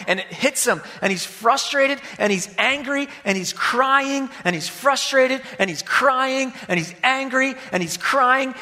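A man preaching a sermon, swinging from loud emphasis to hushed near-whispers. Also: extremely high pitch. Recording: long hall reverb.

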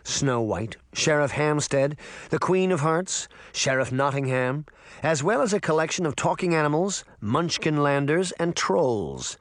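A man narrating a storybook aloud with an expressive reading. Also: on the high side, unhurried, no room sound, studio quality. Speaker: audiobook narrator.

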